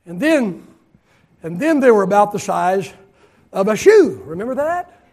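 A middle-aged man preaching a sermon as pastor, swinging between loud shouted emphasis and soft hushed asides, and drawing out key phrases slowly. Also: high-pitched, big pitch swings. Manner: drawn-out, slowed phrases for emphasis.

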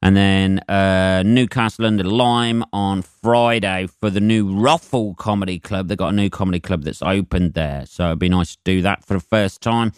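A man's voice: deep voice, steady tone, moderate pace, hardly any pauses, smooth, no room sound, clean studio sound. A man hosting his own comedy podcast, ranting and swearing his way through a monologue. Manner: sweary, ranting, winds himself up.

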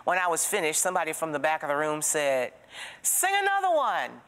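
A woman teaching a Bible study, telling stories in an expressive, preacherly way and asking the listener direct questions. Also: low voice, fast talker, clean tone, long reverb tail.

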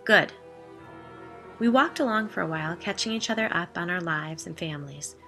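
A woman narrating a first-person storybook in a steady, expressive read. Her voice is slightly low, with a forceful, bright edge. The delivery is scripted and even throughout. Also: fast talker, faint music behind. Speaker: audiobook narrator.

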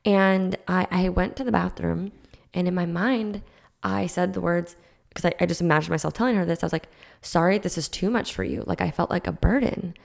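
A woman's voice: lowish voice, steady tone, a little fast, vocal fry. A woman hosting her own podcast as a life coach, talking in an earnest, reflective, casual way with frequent restarts. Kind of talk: casual solo podcast talk.

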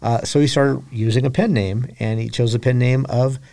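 A man's voice: medium pitch, steady tone, moderate pace, vocal fry, mellow. A man co-hosting a podcast, telling a story in casual chat with dry jokes and frequent hesitations. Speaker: podcast co-host. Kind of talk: casual chat over drinks.

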